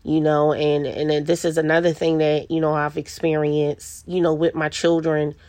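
Middle-aged woman podcasting solo, low voice, rambly "you know"s, dry close sound. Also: level tone, moderate pace, warm tone, no echo. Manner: chatty, lots of "you know" and restarts. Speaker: podcast host. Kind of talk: casual solo monologue. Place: quiet spot with birds outside.

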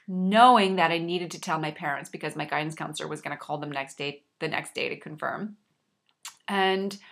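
A woman's voice: on the low side, a bit bright. A woman coach sharing a personal story in an earnest, reflective way, with a slight frog in her throat. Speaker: life coach.

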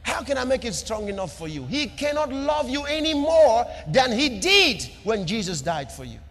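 A man preaching a sermon with an emphatic, repetitive cadence, swinging between loud declarations and soft asides. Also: very high voice, very animated, moderate pace, long reverb tail, faint music behind. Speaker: pastor.

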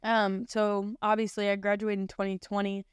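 A woman's voice: medium pitch, completely flat delivery, normal speed, smooth, no room sound, studio quality. A young adult woman sharing her personal Christian testimony in a casual, heartfelt way, often saying "like". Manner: casual, heartfelt, heavy use of "like".

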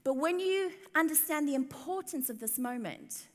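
A woman's voice: high-pitched, animated, moderate pace. A woman preaching a sermon, telling the story expressively and with emphasis, in a church hall. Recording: long hall reverb.

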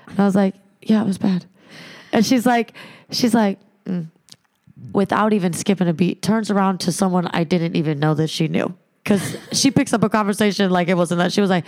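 A woman telling a wild personal story on a podcast, profane and animated, acting out the other people in it. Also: medium pitch, a little fast, creaky. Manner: animated, profane, acts out quoted voices. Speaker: podcast guest. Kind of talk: casual storytelling chat.

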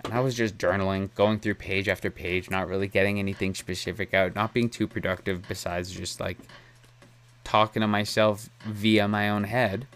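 A man's voice: lowish voice, level tone, moderate pace, a bit bright, a little hiss or hum. A young man hosting a solo podcast, talking in a rambling, candid way and laughing often. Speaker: podcast host. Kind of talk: casual solo podcast chat.

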